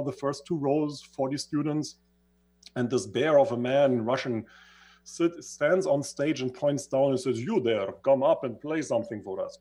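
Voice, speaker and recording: A man's voice: mid-range voice, a little mellow. A man who is not a native English speaker, telling his life story in an interview, earnest and sometimes searching for words. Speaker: guest. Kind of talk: reflective storytelling in conversation.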